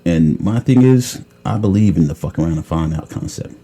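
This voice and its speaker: A man telling a story in casual chat, blunt and tough-talking, often clearing his throat. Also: low-pitched, animated, normal speed, dark tone. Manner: blunt, tough-talking, retells calls with quoted dialogue. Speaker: podcast host telling a story.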